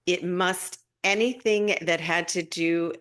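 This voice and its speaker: Middle-aged woman, lowish voice, casual live-stream host who gushes over viewer comments and jumps into high excited asides. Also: slow pace, clean tone. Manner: warm, gushing, breaks into excited high-pitched asides. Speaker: spiritual guidance host.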